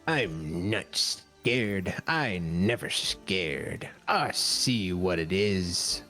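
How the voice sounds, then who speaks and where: A man voicing a small male kobold who talks slowly in low, broken speech. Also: expressive, bright, forceful tone, soft background music, exaggerated voice. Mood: boastful.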